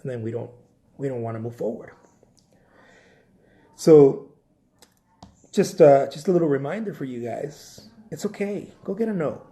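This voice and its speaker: A man's voice: on the high side, normal speed, long pauses. A man, a painter, giving casual motivational career advice to viewers, repeating himself and often asking "right?". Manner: animated, repeats phrases, asks "right?" often. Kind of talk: casual motivational live talk.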